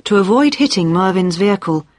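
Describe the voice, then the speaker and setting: A narrator reads a crime story aloud at an even, steady pace, with the pitch in the middle range. The sound is dry and close, with no room reverb. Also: fairly quick. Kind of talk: audiobook narration.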